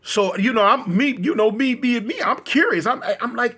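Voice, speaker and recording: A man telling a story in a casual, rambling way, full of fillers and repeats, getting animated at times. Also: very high-pitched, normal speed, slightly rough.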